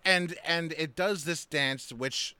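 A man's voice: on the high side, slow pace, pushed and bright, clear, resonant tone, no room sound. A man co-hosting a podcast, talking casually about a film in rambling sentences full of fillers and restarts. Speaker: podcast co-host.

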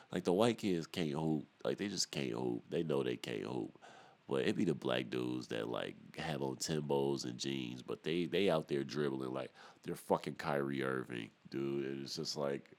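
Very deep-voiced man ranting on a podcast. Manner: profane, animated ranting with laughs. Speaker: podcast host. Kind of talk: casual solo podcast rant.

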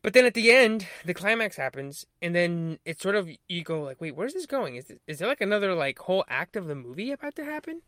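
A man's voice: high-pitched, big pitch swings, brisk, hardly any pauses, fairly bright tone, dry recording, clean studio sound. A man co-hosting a casual movie review podcast, rambling with hesitant fillers and restarts. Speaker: podcast co-host.

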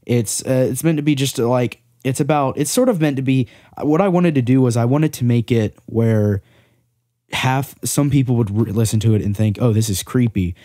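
A man's voice: mid-range voice, normal speed, warm tone, dry recording, studio quality. A man hosting a casual podcast, talking about his music in a rambling, self-deprecating way with lots of fillers, into a mic with a pop filter. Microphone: studio mic with pop filter.

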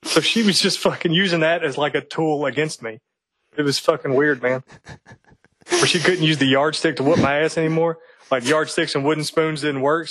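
A podcast co-host from eastern Kentucky tells loose, rambling stories full of swearing. His voice sits a little high for a man. The sound is dry and close, with no room in it. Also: normal speed, fairly bright tone, no echo, rough recording. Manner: profane, rambling storytelling. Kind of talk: casual chat.

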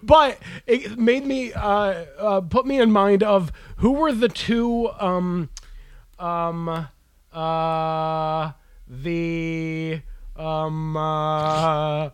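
Casting: slow, halting man chatting as podcast co-host, dry close sound. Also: on the high side, steady tone, clean tone, dry recording. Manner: unhurried, hesitant, full of fillers. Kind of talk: casual chat.

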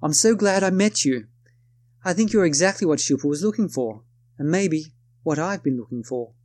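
A man's voice: fairly high pitch, animated, normal speed, darkish tone, voice pushed up, lightly acted. A man putting on a posh British woman. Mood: warm. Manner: put-on posh British accent. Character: posh crisp-spoken young British woman.

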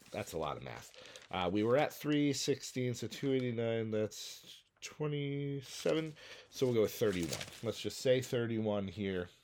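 A man's voice: mid-range voice, a little mellow, a little hiss or hum. A man hosting and narrating a simulated wrestling battle royal in a playful, jokey way, sometimes humming entrance music. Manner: playful, jokey, breaks into sung hums and mock announcer bits. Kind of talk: solo play-by-play commentary.

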